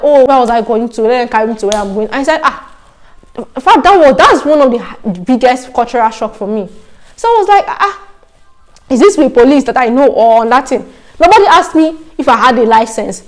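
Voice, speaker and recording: A young Nigerian woman chats to her camera in a lively, storytelling vlog voice that sits a little high. She slips easily into Pidgin phrases and tells her stories with animated emphasis. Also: slight background noise. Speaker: vlogger. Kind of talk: casual vlog talk.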